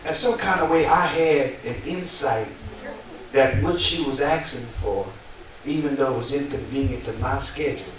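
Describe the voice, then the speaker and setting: A man preaching a sermon as pastor, animated and often chuckling as he talks. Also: mid-range voice, moderate pace. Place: large church sanctuary with congregation. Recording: echoey church, distant mic, crowd.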